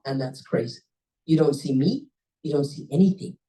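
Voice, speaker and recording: A woman at a club meeting telling a personal story in a lively, conversational way, often jumping up in pitch for emphasis. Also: normal speed. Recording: voice a bit distant from the mic.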